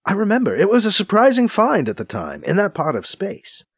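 Stern older aunt, weary and guarded, voiced by a male narrator; lively pitch, dry close sound. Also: a little fast, husky, no echo, full character voice. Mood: wistful. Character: stern, solemn older woman, a former leader and aunt. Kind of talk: audiobook character voice.

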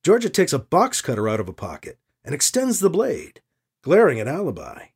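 A man narrates a story with a high, lively voice that swoops across a wide range. His reading is expressive and animated. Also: normal speed, slightly rough. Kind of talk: audiobook narration.

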